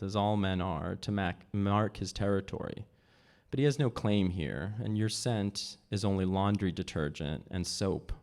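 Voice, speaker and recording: A man reading aloud from his own novel at a live event, measured, lifting his voice for the characters' lines. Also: darkish tone. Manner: measured, voices dialogue with pitch jumps.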